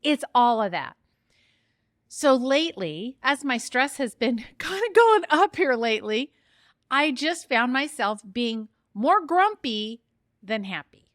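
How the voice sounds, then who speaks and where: Her voice is high and a bit bright, swinging widely in pitch, captured dry in studio quality. Hosting her own podcast solo, she talks openly, teases herself, and quickly gets fired up.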